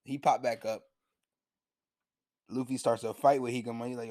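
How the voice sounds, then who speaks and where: A man's voice: mid-range voice, moderate pace, pauses often, no room sound. A young man chats through an anime review in loose, profane slang, laughing as he goes. His voice sits in an ordinary middle range. The recording is close and dry, with no room sound. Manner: animated, slangy, profane retelling; laughs often. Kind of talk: casual review vlog.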